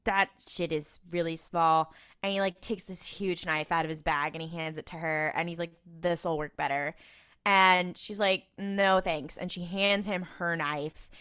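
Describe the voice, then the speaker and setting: A woman co-hosting a podcast recaps episodes in casual chat, acting out characters' lines with quoted voices and laughter as she animatedly tells the story. Her voice is smooth, on the low side, at normal speed.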